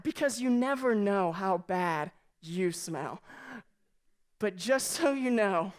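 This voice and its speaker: A young adult man and youth pastor preaching a humorous youth sermon, telling animated stories and acting out the voices of the people in them. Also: sits high, slow. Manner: animated storytelling, acts out quoted voices.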